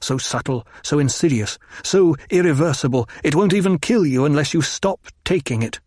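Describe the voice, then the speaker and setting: A man's voice: on the high side, expressive, measured pace, no room sound, studio quality, pitched above the performer's own voice. A man reading the part of a gifted young nobleman, bitter and intense, his voice rising as he grows frantic.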